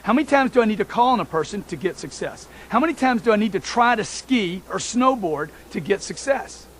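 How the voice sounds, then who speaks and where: A man's voice: high-pitched, lively intonation, a little fast, fairly bright tone, slight background noise. A man giving a motivational talk, emphatic and repetitive, speaking straight to his listeners as folks.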